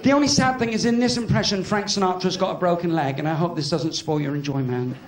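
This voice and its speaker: A man's voice: sits high, fast talker. A man with a West Country accent doing cheeky live stand-up in a cabaret club, bantering with the audience. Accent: West Country English. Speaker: stand-up comedian. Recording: echoey club with loud crowd and noise.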